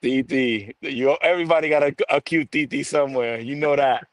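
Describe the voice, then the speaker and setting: A man's voice: medium pitch, fairly quick, no echo. A man from New York co-hosting a sports podcast, joking and sarcastic in casual banter. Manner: sarcastic, joking, trails off and restarts. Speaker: podcast co-host.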